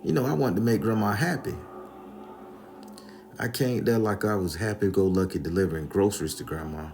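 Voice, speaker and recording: A man with a low, gravelly voice tells a spooky tale in a loose, comedic way. He curses freely and talks straight to his listeners, with a faint hiss of noise behind him. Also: a little fast, a little mellow. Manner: casual, profane, addresses listeners directly. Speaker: storyteller. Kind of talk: comedic spoken storytelling.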